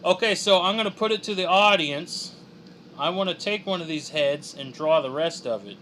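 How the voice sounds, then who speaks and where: A man's voice: fairly high pitch, moderate pace, sharp tone, a little hiss or hum. A young man chatting casually on a drawing livestream, joking and reading chat aloud. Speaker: streaming artist.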